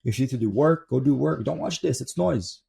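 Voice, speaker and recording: A man's voice: medium pitch, lively intonation, brisk, creaky, mellow, breathy edge. A young man giving a blunt, profane motivational monologue as a self-improvement coach, talking from the desk in his room at home and repeating words for stress.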